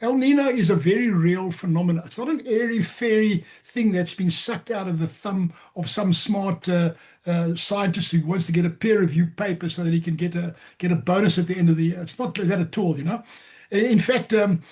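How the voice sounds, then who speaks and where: High-voiced man answering on a call. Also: moderate pace, darkish tone. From Southern Africa. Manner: hesitant, many restarts and fillers. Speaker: presenter answering questions. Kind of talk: conversational Q&A on a video call.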